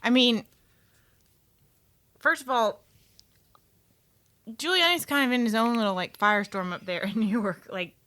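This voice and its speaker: A woman's voice: on the high side, measured pace, pauses often, pushed and bright. A woman co-hosting a casual political podcast, dry and joking in her remarks. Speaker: podcast co-host.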